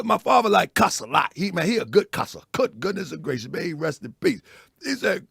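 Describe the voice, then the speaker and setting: A man with a raspy voice hosting a casual morning show, telling stories loudly and laughing as he goes. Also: high voice, normal speed, dry recording, clean studio sound. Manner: loud, animated storytelling with laughs. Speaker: host.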